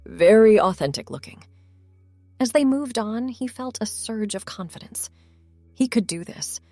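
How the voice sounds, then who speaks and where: A woman reading a story in calm, scripted narration. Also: on the high side, unhurried, no room sound, soft background music.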